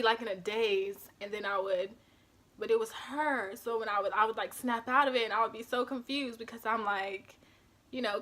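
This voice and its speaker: A woman's voice: medium pitch, fairly bright tone. A young woman vlogger telling a personal story to her camera, emotional and close to tears, with lots of fillers. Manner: emotional, often near tears, with many fillers. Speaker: beauty vlogger.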